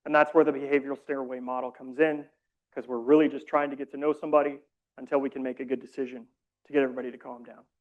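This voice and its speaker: A man leading a community training session, explaining calmly with casual, self-deprecating asides. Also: mid-range voice, quick pace, phone-quality sound. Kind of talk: training presentation.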